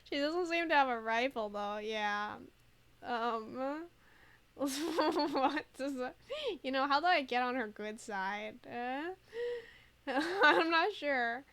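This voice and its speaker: A woman's voice: high-pitched, expressive, slow pace, fairly bright tone, clean tone. A woman streamer chatting casually over a game, laughing often and thinking aloud with lots of fillers. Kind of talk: casual let's play commentary.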